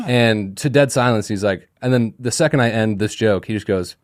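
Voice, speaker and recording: A man co-hosts a podcast as a stand-up comic, riffing through sponsor spots and funny stories. His voice sits low, and the recording is close and dry. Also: moderate pace, no room sound. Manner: joking, rambling storyteller. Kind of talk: casual podcast chat and ad read.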